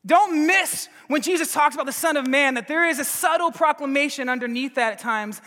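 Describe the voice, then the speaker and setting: Male preacher, bright and forceful tone, excitable delivery full of restarts, long hall echo. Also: extremely high pitch, a little fast. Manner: energetic, laughing, stammering restarts. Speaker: pastor and Bible teacher. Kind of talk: sermon.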